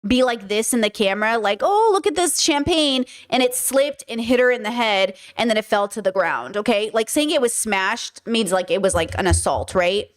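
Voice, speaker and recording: A woman's voice: mid-range voice, normal speed, hardly any pauses. A woman hosting a podcast, giving frank, casual commentary full of "like" and "okay" and the odd swear word. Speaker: podcast host reacting to clips.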